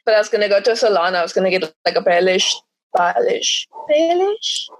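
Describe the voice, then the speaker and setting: A young woman talking casually as a podcast guest, chatty and quick to laugh, acting out her own thoughts. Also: mid-range voice, fairly even intonation. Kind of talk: casual chat.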